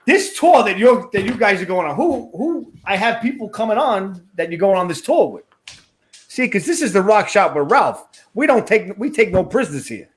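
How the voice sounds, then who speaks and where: A man with a Queens New York accent hosting a rock interview show, talking in a brash, excitable way and swearing freely. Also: high-pitched, normal speed. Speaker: podcast host. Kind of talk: casual rock interview chat.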